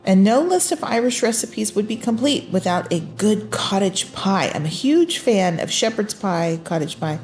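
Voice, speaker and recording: A woman's voice: mid-range voice, lively intonation, normal speed, few pauses, darkish tone. A woman, hosting a recipe tutorial in a friendly, upbeat instructional manner. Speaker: cooking channel host. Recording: faint music behind.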